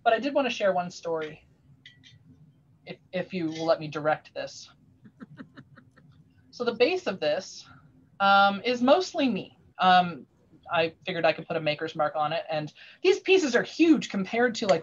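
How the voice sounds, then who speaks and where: A woman telling a long animated story in a casual chat, rambling with many restarts, heard over a video call. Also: medium pitch, normal speed, lo-fi sound, slight background noise. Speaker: craftsperson sharing her work on a video call.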